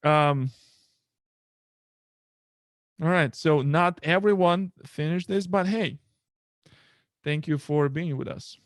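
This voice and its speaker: A man with a Russian accent hosting a casual tech livestream from home, talking haltingly with many fillers and restarts. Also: fairly high pitch, no echo, clean studio sound. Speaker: livestream host.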